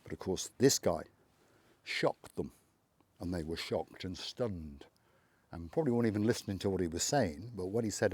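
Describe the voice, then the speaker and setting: A man's voice: sits low, lively intonation, normal speed, a little mellow, slightly rough. An older man hosting his channel, telling a story in a chatty monologue and acting out remembered dialogue. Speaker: channel host. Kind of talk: casual motivational monologue.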